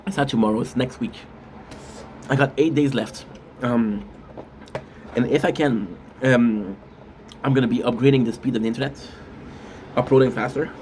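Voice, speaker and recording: A man's voice: mid-range voice, normal speed, long pauses, darkish tone, slight background noise. A man chatting casually on a live stream while eating spicy food, rambling with restarts and frequent mm sounds.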